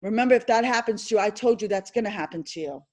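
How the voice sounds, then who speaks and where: A woman instructor lecturing a classroom on insurance licensing, animated and repetitive as she drills and quizzes her students. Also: mid-range voice, fast talker, poor audio.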